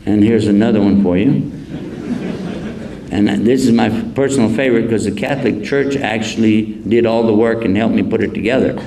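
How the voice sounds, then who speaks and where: Gravelly man lecturing with deadpan humor. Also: fairly low pitch, a little hiss or hum, rough recording. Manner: storytelling, deadpan joking, slow repetition of key phrases. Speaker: Islamic preacher. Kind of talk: public lecture. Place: university lecture hall.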